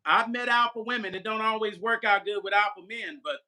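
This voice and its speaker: His voice sits high and sounds sharp as he talks briskly. He's an older musician vlogging live, casually reading comments, cracking jokes, and addressing his chat directly.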